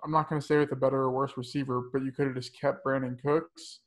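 A man's voice: medium pitch, level tone, quick pace. Matter-of-fact man talking sports. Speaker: podcast co-host. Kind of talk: casual sports podcast chat.

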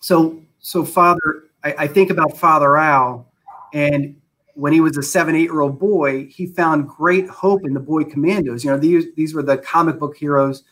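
A man's voice: fairly high pitch, fairly even intonation, moderate pace, fairly bright tone, rough recording. A man interviewing a priest, talking reflectively with frequent false starts. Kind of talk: interview conversation.

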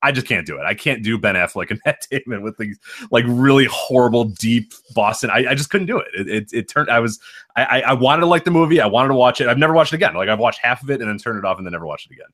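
A man co-hosting a podcast in casual chat, rambling and animated, with frequent laughs. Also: mid-range voice, fast. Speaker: podcast co-host.

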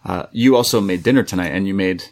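A man's voice: sits low, fast talker. A man co-hosting a wrestling review podcast, chatting casually and slipping into exaggerated impressions of wrestlers' promos. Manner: animated, mimics wrestlers' promos in exaggerated voices.

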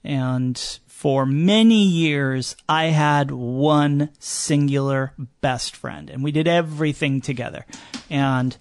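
A middle-aged man chatting on a podcast, his voice sitting a little high and recorded close and dry. He rambles through stories with fillers and restarts. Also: takes it slowly, few pauses, dry recording. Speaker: guest, gondola company owner. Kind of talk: casual podcast chat.

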